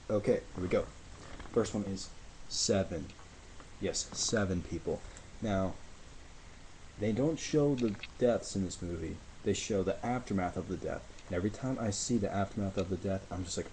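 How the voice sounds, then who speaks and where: Low-voiced excitable man reviewing films. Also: moderate pace, slight background noise, rough recording. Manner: rambling, excitable, gushing. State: out of breath. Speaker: video reviewer. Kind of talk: casual movie review vlog.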